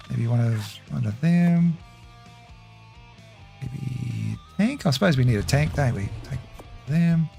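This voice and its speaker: A man's voice: mid-range voice, creaky. A man casually commentating a game live, chatty and laughing easily while reading his chat. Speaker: game streamer.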